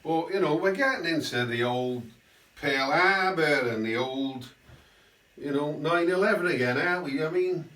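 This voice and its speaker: A man's voice: on the high side, normal speed, a bit bright. A man giving a rambling satirical political monologue, full of tag questions. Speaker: host. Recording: roomy, mic at a distance.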